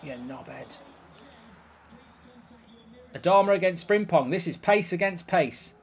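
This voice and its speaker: A man commenting live on a football video game, swearing and reacting loudly to each play. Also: high-pitched, normal speed. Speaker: YouTube gaming host.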